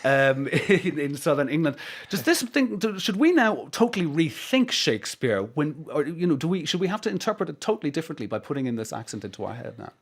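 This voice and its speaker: A man's voice: on the high side, big pitch swings, fairly quick. Chatty male radio host. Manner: chatty, rambling questions with many restarts. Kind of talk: radio interview.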